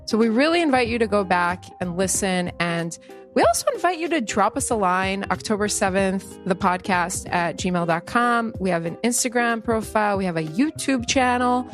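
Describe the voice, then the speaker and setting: Woman podcast host, effusive and chatty, mid-pitched, faint music underneath. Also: animated, normal speed. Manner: warm-hearted, effusive, chatty. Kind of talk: podcast interview and outro.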